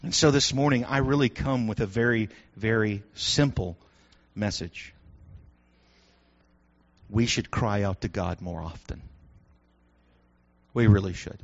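A male pastor preaching a sermon in an animated way, building to shouts with joking asides. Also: on the low side, a little slow, long pauses. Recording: dull lo-fi sound.

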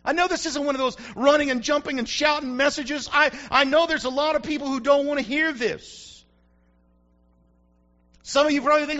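A male pastor preaching an emphatic sermon that builds to shouts, recorded on a dull lo-fi recording. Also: very high voice, fairly even intonation, moderate pace. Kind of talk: fiery sermon.

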